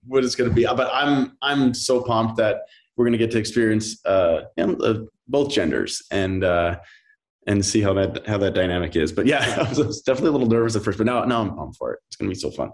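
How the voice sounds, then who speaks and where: A man in his thirties, an actor chatting as a podcast guest, rambling and animated with lots of fillers. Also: on the low side, fast. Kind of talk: casual interview chat.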